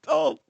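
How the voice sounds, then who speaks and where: A man's voice: a little mellow, dry recording, muffled recording. A man co-hosting a podcast, telling a rambling story in casual chat and laughing often. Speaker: podcast co-host.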